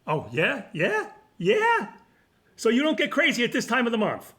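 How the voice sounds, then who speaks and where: A clueless sitcom husband who stammers, hedges and wisecracks his way out of trouble. His voice sits fairly high and moves around a lot. It is a table read heard over a video call. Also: expressive, fast, fairly bright tone. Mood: defensive. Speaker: actor in a reunion table read.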